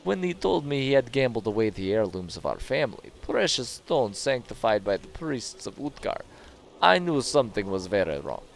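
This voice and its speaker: A man's voice: mid-range voice, sing-song, normal speed, gravelly, faint music behind. A man voicing a proud, worried tribal wife in a video game, reading her lines plainly and earnestly in his own voice.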